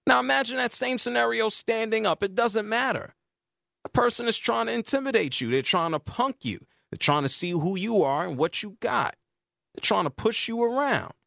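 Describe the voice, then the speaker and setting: A man's voice: moderate pace, gravelly, no room sound, studio quality. A man hosting a sports talk radio show, arguing his point with emphasis. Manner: emphatic, argumentative, lively pitch swings.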